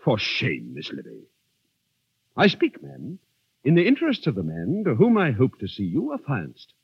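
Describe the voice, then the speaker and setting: An earnest, courtly army captain lectures in formal phrases, his voice swooping dramatically up and down. His tone is husky, and the old radio recording muffles it. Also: medium pitch, wildly swooping pitch, moderate pace, no echo, dull audio, exaggerated voice. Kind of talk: 1930s radio drama acting.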